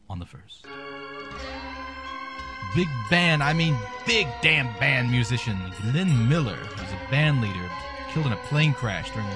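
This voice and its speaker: A man hosting a comic show, delivering a sarcastic, rambling, irreverent monologue. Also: mid-range voice. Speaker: podcast host.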